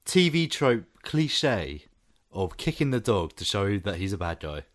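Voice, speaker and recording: Brief: male podcast co-host, wry, animated pitch, casual banter. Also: unhurried. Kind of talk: casual film review chat.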